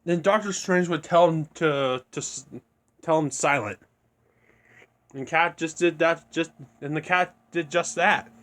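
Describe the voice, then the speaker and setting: A man's voice: a little high, measured pace, fairly bright tone. A young man casually telling a made-up fan story, rambling and restarting his sentences as he goes. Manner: rambling, restarts often, unscripted. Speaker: video creator.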